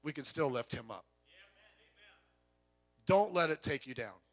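A man's voice: fairly high pitch, animated, unhurried, a bit bright. A male pastor preaching a sermon in a conversational way, full of rhetorical questions and joking asides.

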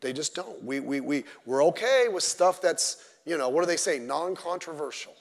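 A middle-aged man preaching a sermon as pastor, animated and digressive, with joking asides. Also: fairly high pitch, normal speed, creaky. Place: church sanctuary. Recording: long church-hall reverb.

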